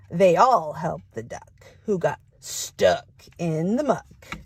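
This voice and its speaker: A woman's voice: medium pitch, very animated, a little slow, breathy edge, dry recording. A middle-aged woman, a storytime librarian, demonstrating a picture-book read-aloud for young children and inviting them to call out sound words.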